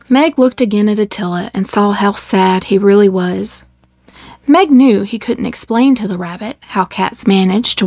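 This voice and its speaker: Slow gravelly woman storyteller. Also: medium pitch, no room sound, studio quality. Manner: measured, expressive reading. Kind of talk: reading a children's story aloud.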